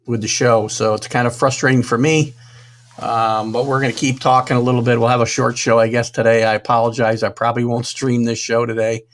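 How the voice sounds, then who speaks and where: A man hosting a live sports talk stream, flustered and apologetic, muttering to himself while fighting technical trouble. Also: mid-range voice. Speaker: sports talk show host.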